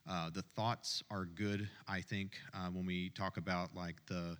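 A man with a low, flat voice speaks as a pastor on a church panel. He halts often, restarting his sentences. The sound carries the long reverb of a large hall. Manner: halting, with many fillers and restarts.

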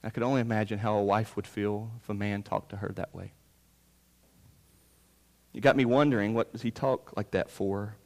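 A pastor in his thirties delivers a sermon, his voice rising forcefully on key points before sinking low. The sound rings with a long reverb, as in a large hall. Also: steady tone, moderate pace, pauses often. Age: 30s. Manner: emphatic preaching, rising loud on key points and dropping low.

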